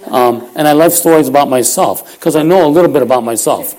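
A man's voice: a little high, a little fast, a little mellow. A man in his fifties of Puerto Rican heritage preaches in a church, praying and then telling stories about himself. He is folksy and self-deprecating, often laughing as he talks. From Puerto Rico heritage. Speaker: lay preacher. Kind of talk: sermon with storytelling.

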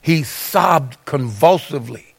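High-voiced man preaching a dramatic sermon. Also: lively intonation, slow pace, creaky, husky. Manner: dramatic storytelling, acting out voices. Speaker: pastor.

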